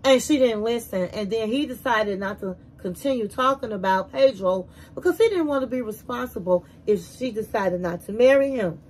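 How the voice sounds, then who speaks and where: A woman reviewer giving a casual, opinionated recap of a reality TV episode in a lively storytelling manner. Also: fairly high pitch, moderate pace, hardly any pauses, slight background noise, low-quality recording. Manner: animated storytelling, conversational and opinionated.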